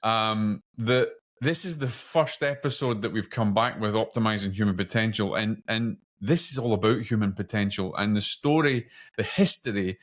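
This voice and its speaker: A man with a Scottish accent hosts an interview podcast in a fairly low voice. He talks casually but leans into dramatic, rhetorical build-ups. He stumbles now and then on fillers and restarts. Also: moderate pace, hardly any pauses. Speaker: podcast host.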